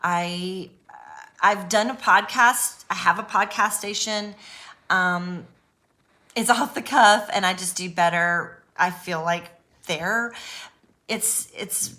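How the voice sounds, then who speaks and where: A woman's voice: on the low side, slow, sharp tone. A woman talking to camera in an unedited personal vlog, nervous and earnest, reassuring her viewers with lots of ums and restarts. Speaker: YouTuber speaking on abuse recovery.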